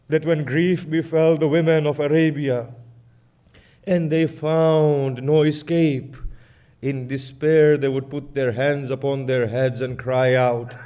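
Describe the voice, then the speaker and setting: Slow, mournful male preacher. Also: mid-range voice, mellow. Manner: dramatic, grieving. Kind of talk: mournful sermon narration.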